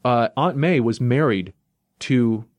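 A man hosting a comic book podcast, casually recapping a story in an animated way, often saying "you know" and "like.". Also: medium pitch, slow pace, dry recording.

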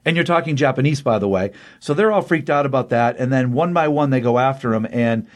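Speaking at a medium pitch, a man breezily runs through the plot of a comic book. His delivery is animated, and he does fast impressions whenever he quotes a character.

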